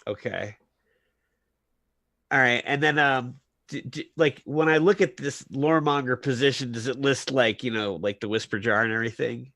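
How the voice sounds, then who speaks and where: A man's voice: mid-range voice, moderate pace, fairly bright tone, no room sound. A man playing a tabletop game, describing his character's actions hesitantly and with many fillers. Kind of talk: casual tabletop game chat.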